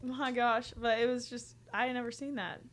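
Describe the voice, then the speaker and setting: A young woman with an Oklahoma accent chats as a podcast guest. She has a fairly high voice, laughs easily and fills her talk with fillers. Her manner is casual and chatty. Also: level tone, moderate pace, crowd noise. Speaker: country music artist, guest. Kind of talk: casual chat.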